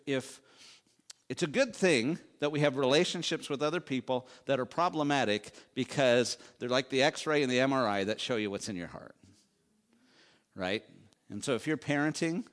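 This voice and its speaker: A man's voice: mid-range voice, fairly bright tone. A middle-aged male pastor preaching a conversational sermon, asking the congregation rhetorical questions and adding asides.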